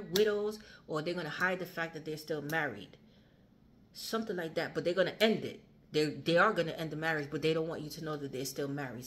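A woman giving a casual tarot reading, chatty and repetitive, swearing freely. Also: low-pitched. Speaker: tarot reader.

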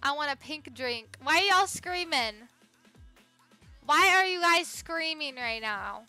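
Young woman, livestream host: high, bright, bubbly, chatty with viewers, faint music behind. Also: lively intonation, slow pace. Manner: bubbly, greets viewers by name, swings between squeals and low murmurs. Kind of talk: live-stream gaming chat.

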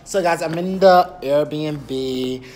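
A man's voice: a little high, extremely slow, a little mellow. A young man vlogging on his phone in a rented apartment, chatty and rambling, with lots of fillers like "period". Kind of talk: casual vlog talk to camera. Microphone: phone camera.

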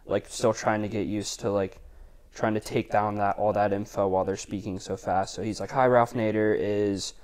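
A man's voice: on the low side, flat delivery, moderate pace, darkish tone. A young adult man, a podcast guest and intern, telling a story in casual chat with plenty of "like" fillers. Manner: chatty, lots of "like" fillers.

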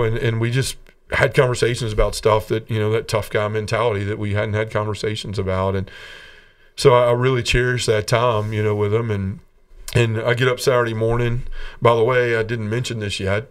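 A man's voice: on the low side, fairly even intonation, a little fast, smooth, recorded from a distance. Earnest man telling his life story. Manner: earnest storytelling, acts out quoted voices, laughs between lines. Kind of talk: personal testimony in a podcast interview.

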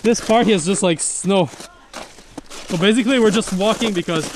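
Playful family dad. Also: male voice, sits high, normal speed, slight background noise. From Québec, Canada. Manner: playful, teasing, laughs often. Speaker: family vlogger. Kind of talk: casual family vlog chat. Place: snowy forest trail outdoors.

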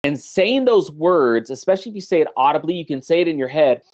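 A middle-aged man, a guest on an interview show, talking in an animated, motivational way and acting out little everyday scenes. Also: on the high side, fast talker, muffled recording.

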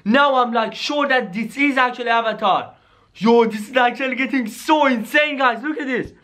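A very high-pitched male YouTuber narrates a scripted scary skit. He speaks to his viewers in an excitable rush, full of "yo" and "guys". He keeps the camera audience close the whole way through. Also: normal speed.

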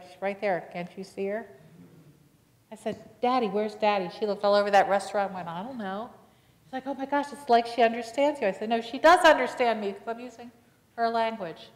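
A woman pastor preaching a sermon, telling a personal story with acted-out dialogue and putting questions to the congregation. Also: mid-range voice. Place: church sanctuary. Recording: long reverb of a church hall.

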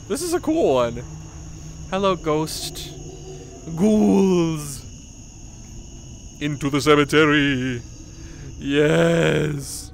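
A man giving casual, excitable commentary while playing a VR game at home, swearing casually and laughing often. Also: fairly high pitch, drawn-out words, gravelly, pauses often, a little hiss or hum. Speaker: gaming streamer. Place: home room, seated on the floor.

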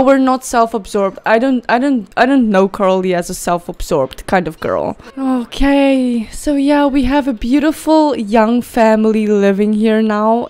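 Female gaming host, slightly high voice, casual let's-play commentary, gushing and excitable. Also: clear, resonant tone. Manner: gushing, excitable, talks to the game characters. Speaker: gaming YouTuber.

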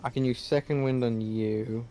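A man's voice: mid-range voice, steady tone, moderate pace, mellow, slight background noise. A man playing a video game, muttering and swearing at it as he goes. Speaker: gamer. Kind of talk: game commentary.

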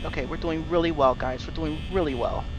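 A hoarse man with laryngitis playing a horror game and commenting as he goes, jumpy, shrieking and swearing when startled. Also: fairly high pitch, brisk, over music, low-quality recording. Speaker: gamer streaming a horror game. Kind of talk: let's play commentary.

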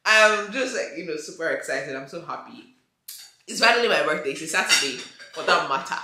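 A woman in her twenties from Nigeria, with a Nigerian accent, chatting excitedly in a home vlog and slipping into Yoruba. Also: deep voice, brisk, reverberant. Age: 20s. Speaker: vlogger. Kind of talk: casual vlog chat. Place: home kitchen, indoors.

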